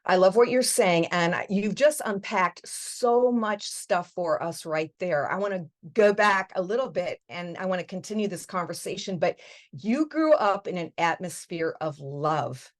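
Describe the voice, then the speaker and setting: A woman's voice: fairly low pitch, expressive, a little slow. A woman hosting an interview show, speaking in an enthusiastic, motivational and encouraging way. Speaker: host.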